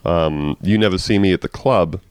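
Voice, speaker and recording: This man has a deep, clean-toned voice and speaks at a moderate pace. Co-hosting a casual comedy podcast, he reads out facts in a wry, playful way, slipping sarcastic asides in between them.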